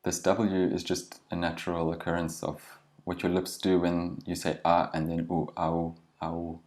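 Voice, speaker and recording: A man teaching a language lesson, patiently explaining grammar and slowing down to model each phrase. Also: deep voice, completely flat delivery, darkish tone. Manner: patient, slows down to model pronunciation.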